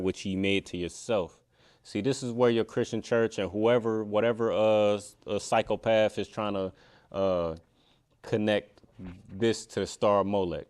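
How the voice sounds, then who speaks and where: Man, lowish voice, casual preaching, emphatic, scripture class. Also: clean tone. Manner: conversational preaching, repeats "you know what I mean"; challenging, emphatic. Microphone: computer mic, screen sharing.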